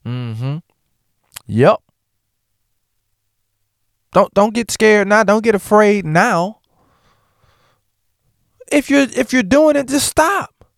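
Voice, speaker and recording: A man's voice: high voice, extremely slow, vocal fry, long pauses, dry recording, clean studio sound. A man talking casually and outspokenly to the camera, mixing jokes with blunt opinions. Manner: animated, joking, outspoken. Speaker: vlogger.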